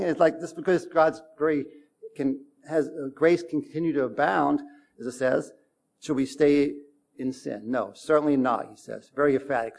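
A man's voice: on the high side, fairly even intonation, normal speed, creaky, darkish tone. A man preaching a sermon in a conversational tone, reading scripture and breaking into emphatic bursts. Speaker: pastor.

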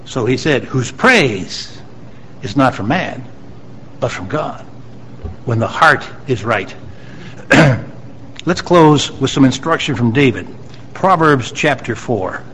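A man's voice: medium pitch, lively intonation, takes it slowly, long pauses, a bit bright, slight background noise, poor audio. A man preaching a sermon to his congregation, reading scripture aloud and stressing key lines with rising emphasis. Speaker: pastor.

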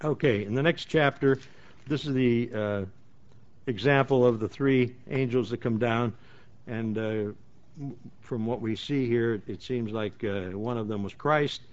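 A Bible teacher leads a study, reading verses aloud and then explaining them plainly, often restarting as he goes. His voice is mid-range and his pace measured. The recording is dull and lo-fi.

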